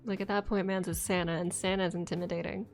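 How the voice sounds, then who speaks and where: A woman's voice: on the low side, flat delivery, fast talker, faint music behind. A young woman streamer chatting casually late at night, rambling, swearing often and laughing between thoughts.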